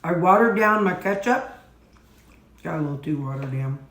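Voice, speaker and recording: A woman's voice: lowish voice, lively intonation, moderate pace, fairly bright tone, slightly rough. Rambling, chatty woman vlogging at home. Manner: rambling, chatty, self-deprecating. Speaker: weight-loss vlogger. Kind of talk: casual chat to camera.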